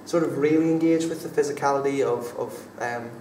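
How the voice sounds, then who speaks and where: This young adult male drama student has a mid-range, slightly mellow voice and talks a little fast. His interview answers are casual and tentative, loaded with fillers and restarts, captured far from the mic in an echoey room with faint background noise.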